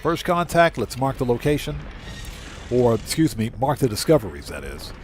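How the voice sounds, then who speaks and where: A man streaming a video game live, chatting casually, reading viewers' messages aloud and thanking them, with his voice going hoarse. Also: mid-range voice, sing-song, moderate pace, faint music behind. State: losing his voice. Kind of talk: casual live gameplay chat.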